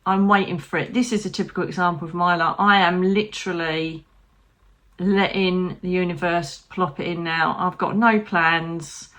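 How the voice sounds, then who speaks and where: A woman's voice: fairly low pitch, steady tone, normal speed, a bit bright. A British woman, a psychic medium, talking candidly and from the heart to her viewers, with frank swearing and light humour. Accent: British English. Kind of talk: personal vlog talking to camera.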